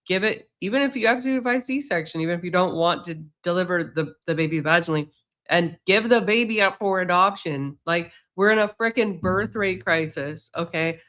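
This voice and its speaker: A man's voice: high-pitched, fairly quick, bright, forceful tone. A man hosting a casual podcast, talking bluntly and with sarcasm. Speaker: podcast host.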